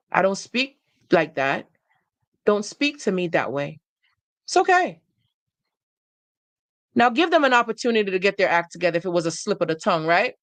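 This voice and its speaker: A woman's voice: fairly high pitch, a bit bright, no room sound. A woman giving a motivational talk straight to the listener, emphatic and informal, repeating her points to drive them home. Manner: informal, conversational, addresses the listener directly. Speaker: life coach vlogger.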